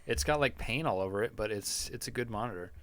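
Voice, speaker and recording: A podcast host with a lowish male voice talks quickly over crowd noise, rambling crudely through a casual comedic rant. He's profane and keeps laughing at his own jokes.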